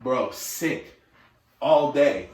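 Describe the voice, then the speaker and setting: Animated young man in a roomy room. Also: mid-range voice, extremely slow. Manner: animated storyteller, swears freely. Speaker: podcast co-host. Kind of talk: casual chat. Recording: roomy, from far off the mic.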